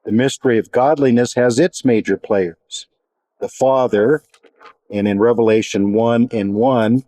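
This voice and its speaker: A man teaching a Bible study in a measured, reflective way, pausing and restarting as he explains. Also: fairly low pitch, mellow, no echo.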